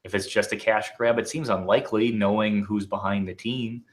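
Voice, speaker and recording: A man with a Wisconsin accent co-hosts a casual podcast conversation. His voice is on the low side, and he thinks aloud, hesitating and restarting often. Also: steady tone, normal speed. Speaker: podcast co-host.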